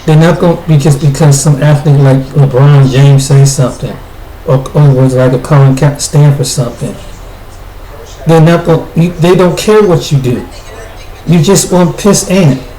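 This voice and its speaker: A man's voice: fairly high pitch, moderate pace, mellow. A man from the United States giving blunt spoken commentary, stumbling over his words and restarting often. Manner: blunt, repetitive, with frequent restarts. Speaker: video commentator. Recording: echoey room with faint noise.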